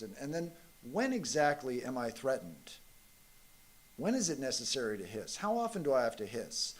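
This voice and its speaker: A man, a monk, giving a spiritual talk, telling a parable in a relaxed, conversational way with frequent fillers. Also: medium pitch, fairly quick. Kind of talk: sermon with storytelling.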